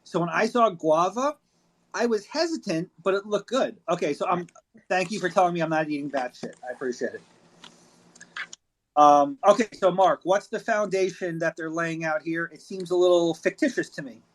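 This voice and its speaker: A man's voice: high voice, moderate pace, a little hiss or hum. A man hosting a casual online audio chat, joking and swearing freely as he reads a thread aloud. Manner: irreverent, jokey, swears freely. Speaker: discussion host reading a thread aloud. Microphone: phone app audio room.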